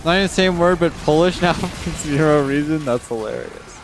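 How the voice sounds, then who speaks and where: A man's voice: fairly quick, music in the background. A man streaming live, ranting casually with lots of swearing while reading chat comments. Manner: ranting, frequent swearing, rising exasperated pitch. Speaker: livestreamer.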